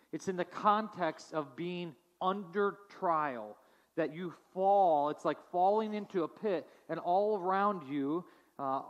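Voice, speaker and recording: A man's voice: a little high, big-room sound. A man preaching a sermon as pastor, reading scripture and then talking it through casually with frequent restarts and fillers. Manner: reads scripture slowly, then preaches conversationally with fillers and repetitions.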